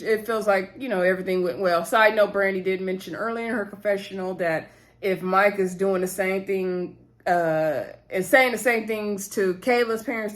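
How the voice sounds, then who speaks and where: A woman recapping a reality TV episode in a casual chat, full of fillers and talking straight to her viewers. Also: fairly low pitch. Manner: chatty, heavy on fillers, talks to viewers as girl and y'all; switches voices to act out quoted cast members. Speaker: TV show recap reviewer.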